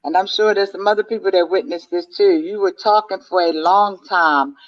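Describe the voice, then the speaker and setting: A woman co-host chiming in during casual talk, affectionate and quick to laugh along. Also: medium pitch. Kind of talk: casual conversation. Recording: dull lo-fi sound.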